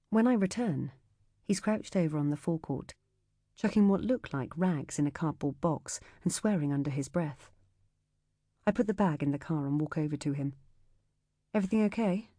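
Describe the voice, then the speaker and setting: Woman for thriller audiobook narration, low warm voice, dry close mic, measured and tense. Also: no room sound.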